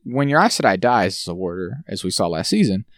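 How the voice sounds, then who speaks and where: Animated man with a very lively pitch. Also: fast, dry recording, clean studio sound. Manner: animated, exasperated rants with sudden pitch jumps. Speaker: podcast co-host. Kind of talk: casual chat.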